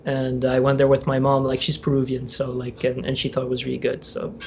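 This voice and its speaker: This co-host's voice is mid-range, gravelly and darkish, delivered in a fairly quick monotone. Chatting casually on a podcast captured through a dull remote recording with faint noise, he rambles and laughs a lot, often leaving sentences unfinished.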